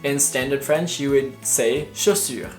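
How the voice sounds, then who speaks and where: A woman's voice: extremely low pitch, a little slow, a little mellow, faint music behind. A young woman from Canada giving a casual, friendly explanation to her viewers in a vlog. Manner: friendly, chatty teaching tone. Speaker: language vlogger.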